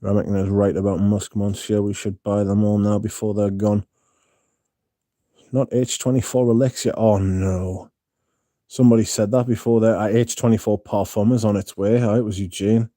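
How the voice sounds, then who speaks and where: Guy on a livestream, lowish warm voice, swears a lot, rambles on. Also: little pitch movement, normal speed, no room sound, studio quality. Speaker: livestream host reading viewer chat. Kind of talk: casual livestream chat.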